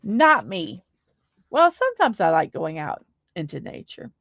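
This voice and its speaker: A woman's voice: on the low side, wildly swooping pitch, a little slow, creaky, fairly bright tone, no room sound, highs cut off. A middle-aged woman hosting a casual home livestream, chatty and upbeat, reading viewers' comments aloud. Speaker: livestream host.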